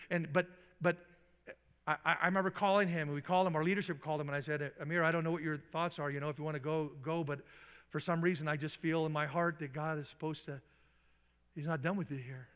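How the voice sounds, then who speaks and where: A middle-aged male pastor telling a story in a sermon, acting out the quoted voices with big jumps in pitch. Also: fairly even intonation, fast talker, a bit bright. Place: church sanctuary. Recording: long reverb in a large hall.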